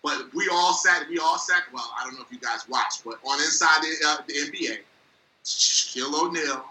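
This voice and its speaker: A man's voice: fairly high pitch, normal speed, pushed and bright, reverberant, a little hiss or hum, low-quality recording. A man co-hosting a sports talk show, arguing his point with passion and exasperation. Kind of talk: heated sports debate.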